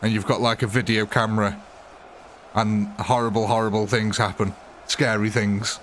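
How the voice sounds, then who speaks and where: A man's voice: fairly low pitch, little pitch movement, moderate pace, fairly bright tone, a little hiss or hum. A British man streaming a game live, chatting casually and jokingly with his viewers. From Britain. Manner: joking, chatty, answers chat by name.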